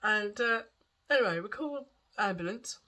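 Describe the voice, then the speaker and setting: A woman's voice: medium pitch, lively intonation, normal speed, sharp tone. A woman with a lingering cough, rambling and repeating herself as she tells a story in a chatty vlog. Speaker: vlogger.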